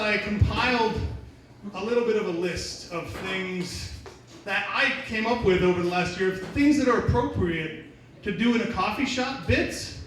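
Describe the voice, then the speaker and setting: A man's voice: sits high, a bit bright. A man doing a stand-up comedy set in a small bar, profane, rambling and self-mocking. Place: small bar venue, indoors. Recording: echoey room from far off, audience noise.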